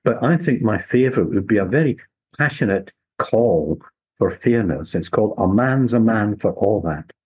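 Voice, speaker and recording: An older man, a local historian telling history in a measured, unhurried way during an interview. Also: lowish voice, animated, darkish tone, husky, low-quality recording. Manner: measured, unhurried storytelling with small restarts. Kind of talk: relaxed storytelling interview.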